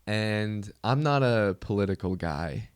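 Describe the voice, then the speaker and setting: A man's voice: on the low side, expressive, unhurried, clean tone, dry recording, clean studio sound. A man hosting a comedy podcast, ranting in a casual, exasperated and profane way that rambles along.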